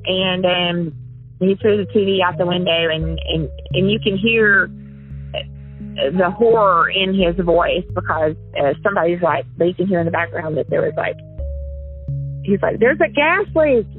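A woman's voice: on the low side, steady tone, normal speed, soft background music. A woman being interviewed about her past, talking in a rambling, self-interrupting, confessional way over a phone line. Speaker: interviewee, former prank caller. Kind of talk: casual interview.

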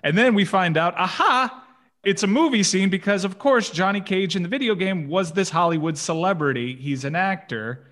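A man's voice: high-pitched, fairly quick, hardly any pauses, fairly bright tone. A man co-hosting a casual movie chat, joking and playful. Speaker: podcast co-host.

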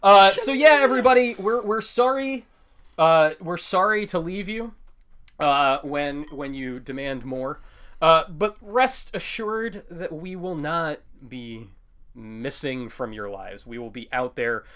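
A man co-hosting a podcast, chatting casually. His voice sits a little high for a man. He is animated and jokey, often breaking into laughter. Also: slow. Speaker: podcast co-host. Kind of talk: casual chat.

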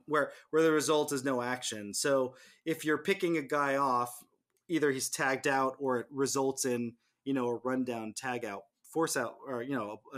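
A man co-hosting a casual sports podcast at an everyday mid pitch. He talks in halting bursts, often restarting and repeating words as he works through a point. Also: fairly bright tone. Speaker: podcast co-host.

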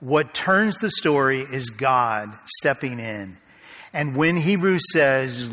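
A man preaching a sermon, telling a story and slowing to a hush at the tense moments. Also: mid-range voice, expressive. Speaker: pastor. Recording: long hall reverb.

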